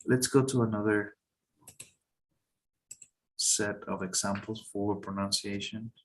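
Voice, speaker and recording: Lowish male teacher, halting. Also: steady tone, slight background noise. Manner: halting, checks in with students often. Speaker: English teacher. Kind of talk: casual classroom teaching.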